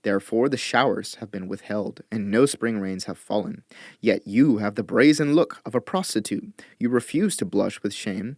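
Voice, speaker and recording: A man reading scripture aloud in a measured, expressive way, lifting his voice for quoted lines. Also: on the low side, no echo, studio quality. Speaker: Bible reader.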